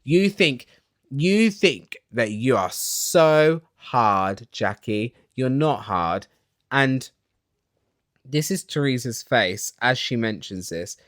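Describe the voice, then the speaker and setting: A man ranting excitedly while recapping reality TV in a small home studio, swearing and dramatic. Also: medium pitch, slow pace, dry recording.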